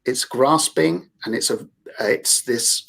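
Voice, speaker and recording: A man's voice: mid-range voice, takes it slowly, creaky, a bit bright. A man with a London accent, a therapist talking through ideas in a casual group discussion, rambling and emphatic. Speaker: guest therapist.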